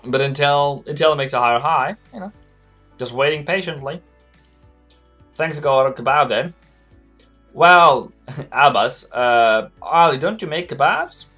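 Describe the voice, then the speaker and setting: A man's voice: on the high side, measured pace, pauses often, sharp tone, faint music behind. A man hosting a live trading stream, chatting casually, answering viewers by name and laughing often. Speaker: forex trading livestream host.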